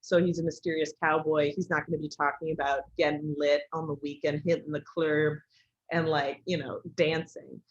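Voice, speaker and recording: Low-voiced woman teaching casually. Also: flat delivery, normal speed. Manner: casual, many fillers like um and like. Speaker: instructor. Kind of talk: online class lecture. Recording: dull lo-fi recording.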